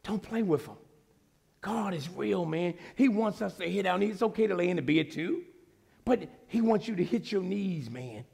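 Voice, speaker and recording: A man preaching a sermon as pastor, animated, swinging from low asides to shouting. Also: normal speed, vocal fry, slightly rough.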